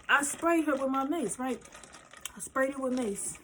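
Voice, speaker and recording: A woman's voice: high voice, normal speed, a little hiss or hum, low-quality recording. A young woman vlogger telling a wild personal story in casual chat, swearing freely and acting out what others said. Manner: animated, swearing, acts out quotes in shifting voices.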